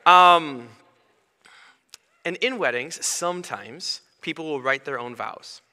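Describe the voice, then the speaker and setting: A man delivers a sermon with a bright, forceful voice that carries a long reverb, as if heard in a church sanctuary. He preaches conversationally and slips into lively, animated asides between passages. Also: on the high side, slow. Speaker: pastor.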